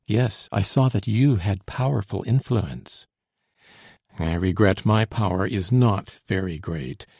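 A man reading a period novel aloud in a measured, formal manner. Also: lowish voice, gravelly, darkish tone, breathy edge, no echo, clean studio sound. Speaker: audiobook narrator. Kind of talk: scripted narration.

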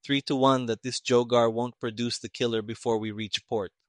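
A man voicing a crisp, matter-of-fact male army major, in a dry recording. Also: medium pitch, little pitch movement, moderate pace, dry recording, close to an everyday voice.

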